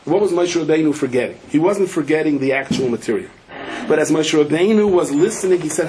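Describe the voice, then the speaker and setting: A man's voice: fairly high pitch, brisk, slight background noise. A male rabbi with a Yeshivish accent giving a Torah lecture, telling a story and acting out the voices in it. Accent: Yeshivish English with Yiddish and Hebrew words. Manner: animated storyteller, acts out quotes in raised voices.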